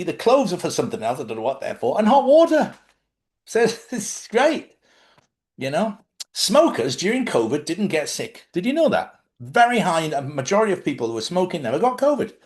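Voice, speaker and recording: Chatty man telling stories. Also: fairly high pitch. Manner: conversational storytelling, asks listeners questions. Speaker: host. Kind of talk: casual spiritual talk.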